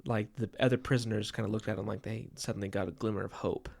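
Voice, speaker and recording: A man's voice: on the low side, steady tone, fast talker, vocal fry, darkish tone. A man co-hosting a podcast, thinking aloud about a book in casual chat, often stammering and repeating words. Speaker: podcast co-host.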